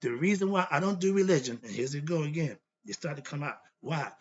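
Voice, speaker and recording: On the high side and expressive, this male voice moves fairly quickly, with the highs cut off in the audio. Hosting a philosophy monologue, he sermonizes bluntly about self-knowledge, questioning himself rhetorically, answering, and repeating himself in an irritated tone.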